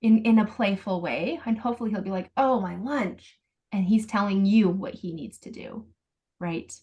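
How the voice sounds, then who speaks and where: A woman coaching a parent over a video call. Her pitch sits in the middle, and she explains things patiently, one step at a time. Now and then she acts out the phrases a parent might say. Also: moderate pace, darkish tone, highs cut off.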